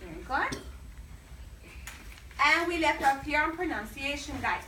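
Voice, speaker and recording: A woman teaching a class, pausing mid-sentence so the pupils can call out the missing word. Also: high-pitched, animated. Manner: leaves sentences open for the class to finish. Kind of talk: classroom lesson. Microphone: recorder far across the room. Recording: echoey room from far off, loud noise.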